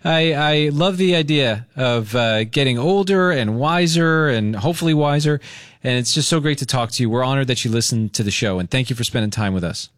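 A man's voice: mid-range voice, expressive, fairly quick, no room sound, clean studio sound. A man hosting a morning radio show, upbeat and playful as he talks with callers.

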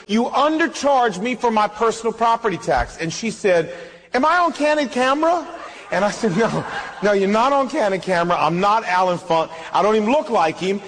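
A man's voice: high voice, normal speed, a little hiss or hum. A male pastor, preaching a sermon and acting out the dialogue of his stories with animation. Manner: animated storytelling, acts out dialogue. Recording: reverberant hall.

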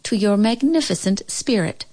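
A woman's voice: mid-range voice, lively intonation, moderate pace, mellow, voice pushed up, natural voice. A woman voicing a brave, clever little village girl who speaks earnestly and politely in a storybook.

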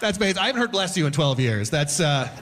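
A man doing a stand-up set on stage before a live audience, animated, breaking into shouted voices and sound effects. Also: fairly high pitch, fairly quick, noisy background. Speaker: stand-up comedian.

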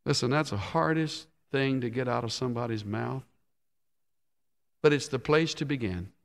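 A male pastor preaching a sermon, emphatic, rising and dropping sharply in loudness and pitch. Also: moderate pace, vocal fry, in a large hall.

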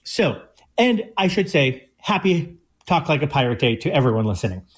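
Slightly high-voiced male co-host for radio; eager, explains in quick bursts. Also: sing-song, husky. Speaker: chef and co-host. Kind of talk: casual radio food chat.

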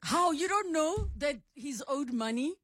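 A woman's voice: sits high, animated, unhurried, a bit bright, dry recording, studio quality. A woman hosting a casual chat, teasing and playful with her guest. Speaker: host.

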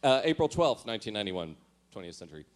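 A man's voice: lowish voice, very animated, fast talker. A man comically reads aloud from his teenage diary in a mock-earnest, dramatic way, often laughing at himself and adding sheepish asides. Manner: self-mocking, often laughing through lines; dramatic, mock-earnest delivery when reading entries. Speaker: storyteller reading his old teenage diary. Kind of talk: comedic reading of diary entries with asides.

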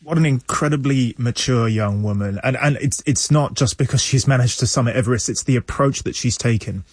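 A man's voice: mid-range voice, fairly quick, breathy edge, no echo. A man speaking as a studio guest on a radio panel, making his points emphatically and with firm opinions.

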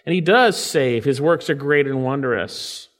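A man preaching a sermon, reading scripture and explaining it earnestly, rising to loud emphatic peaks and dropping to hushed, slowed phrases. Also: mid-range voice, lively intonation. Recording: long hall reverb.

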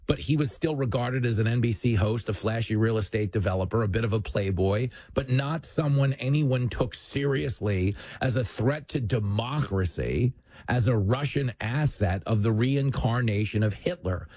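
A male host rants through a combative political monologue and cracks jokes along the way. His voice is husky and sits at a middle pitch. The studio sound is dry and close. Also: a little mellow, dry recording. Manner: punchy, combative, joking.

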